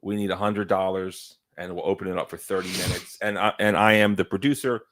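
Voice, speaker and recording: A man with a fairly low voice talks loosely as co-host and producer of a casual chat show. He rambles from point to point and keeps stopping to clear his throat. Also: fairly even intonation, a little fast, fairly bright tone.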